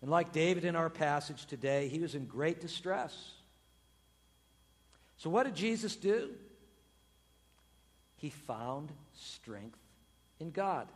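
A man preaching a sermon as pastor, telling the story with animated swings from loud exclamations to hushed, slow emphasis. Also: on the high side, in a large hall.

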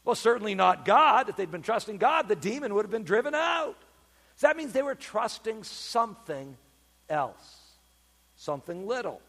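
A male pastor preaching in a church, his high voice leaping up and down as he leans hard on key words. There is a slight huskiness to his tone, and his pauses ring out in a long hall reverb. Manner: animated, emphatic preaching with dramatic pauses. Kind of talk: sermon.

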